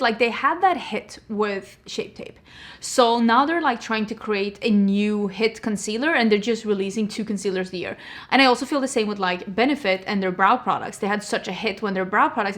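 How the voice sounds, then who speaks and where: A woman's voice: medium pitch, a bit bright. A young adult woman talking casually as a beauty vlogger, chatty and full of rhetorical questions. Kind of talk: casual chat.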